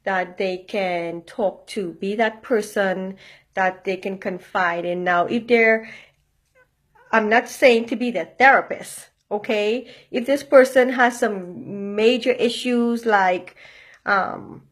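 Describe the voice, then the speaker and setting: A woman's voice: medium pitch, takes it slowly. Blunt, chatty woman giving life advice. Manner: blunt, repeats herself, swears casually, checks in with "okay?". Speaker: motivational vlogger. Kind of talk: casual direct-to-camera advice.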